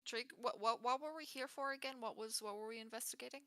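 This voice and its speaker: Bright-voiced hesitant woman player. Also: fairly high pitch, fast, dry recording. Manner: hesitant, restarts often. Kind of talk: playing a tabletop game.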